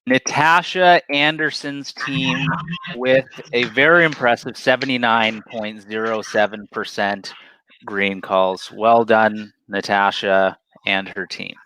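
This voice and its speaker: A man's voice: on the low side, steady tone, slow pace, pushed and bright, no echo. Brief: man co-host, teasing announcer, dry close sound on a video call. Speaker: awards co-host. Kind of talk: casual virtual award show.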